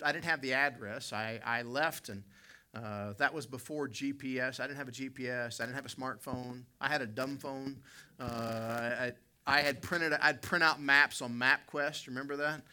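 A middle-aged American man from West Virginia preaching, his voice very bright and forceful. He speaks straight to the congregation and drifts into a rambling personal anecdote, stopping to fix his own words. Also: medium pitch, clean tone. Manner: storytelling, self-correcting, addresses congregation directly.

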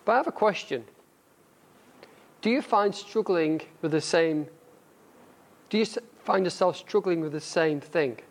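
Northern english guy preaching, casual and chatty, reads bits from a book, voice a touch high. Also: measured pace, creaky, long pauses. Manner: conversational, self-deprecating, reads aloud. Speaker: church speaker. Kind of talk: sermon with a book reading.

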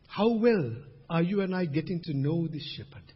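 A man preaching a sermon as pastor, swinging between loud emphasis and hushed asides. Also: high voice, lively intonation, fairly quick, few pauses, slightly rough. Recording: dull recording with long hall reverb.

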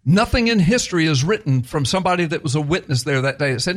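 Animated male preacher, lively pitch. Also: fast talker. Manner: animated, conversational preaching with emphatic repetition. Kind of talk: sermon.

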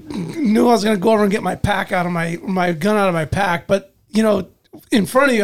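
A man telling a hunting story in casual chat, animated, acting out moments with loud and hushed swings. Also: high voice, a little fast, gravelly.

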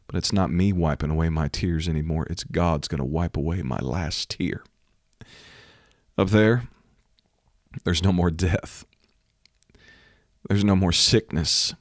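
A man preaching a sermon, fervent and building to loud, urgent exhortation, close to the mic. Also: sits low, no room sound.

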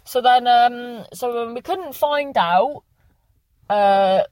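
A woman's voice: on the high side, slow pace, a little mellow, dry recording. Young woman, casual vlogger, rambling and sweary, dry in-car sound. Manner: rambling, swears freely, chatty. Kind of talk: casual chatty vlog monologue. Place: sitting in a parked car.

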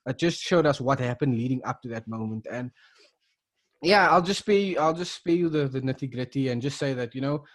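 A man's voice: medium pitch, a little fast. A man from South Africa co-hosting a casual podcast, retelling events with lots of restarts and fillers. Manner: rambling, many restarts and fillers. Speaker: podcast co-host.

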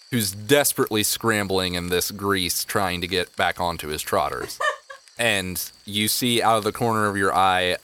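A man narrating as game master of a tabletop game, in relaxed, playful storytelling. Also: deep voice.

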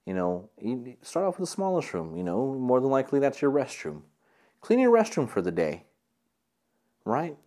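A man's voice: medium pitch, wildly swooping pitch, normal speed, dark tone. A young man hosting a solo podcast, talking in a rambling, earnest way with many fillers and repeated words. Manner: earnest and encouraging. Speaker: podcast host. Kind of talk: casual solo podcast monologue. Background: air conditioner hum.

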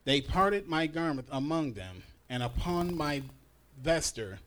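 A man in a bible study reading scripture aloud, slowly and carefully. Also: a little high, animated, fairly bright tone.

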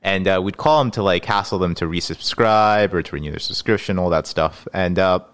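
A man in his twenties tells stories in relaxed conversation. His voice sits very low, and he rambles through his points with plenty of filler words. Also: fairly quick, smooth. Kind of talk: casual storytelling.

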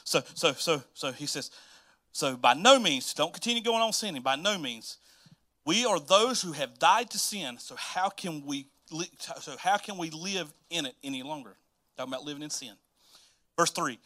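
Pastor guy, middle-aged, chatty sermon, repeats stuff, bright forward voice. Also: fairly high pitch, animated, normal speed. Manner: casual and chatty, repeats phrases for emphasis.

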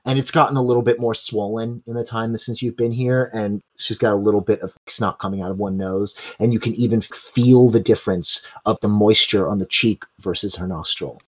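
Husky-voiced man narrating as game master. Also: fairly low pitch, fairly even intonation, brisk, few pauses. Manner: vivid, run-on storytelling narration.

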